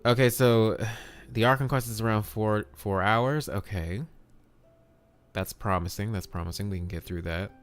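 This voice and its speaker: Live-streaming a video game, this man chats casually and upbeat, greets viewers by name, and swears occasionally. His voice is on the low side and his pace is moderate.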